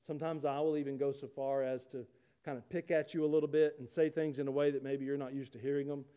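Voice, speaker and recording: A man's voice: medium pitch, flat delivery, fast talker, warm tone, clear, resonant tone. Folksy preacher man. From United States. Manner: folksy, rising to emphatic preaching with rhetorical questions. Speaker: pastor. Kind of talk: sermon.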